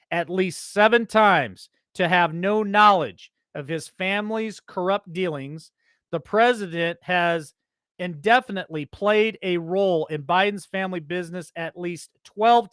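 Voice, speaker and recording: A man's voice: high voice, no echo, studio quality. A man hosting an opinion show, reading news headlines aloud and breaking off into heated, indignant commentary. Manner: reads headlines then breaks off into loud indignant rants.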